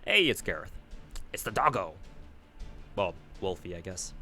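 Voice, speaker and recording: A man's voice: deep voice, sing-song, normal speed, long pauses, bright, forceful tone, faint music behind. Laid-back self-mocking guy. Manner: laughing, self-mocking, swears casually. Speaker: streamer reading a game aloud. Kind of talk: casual commentary.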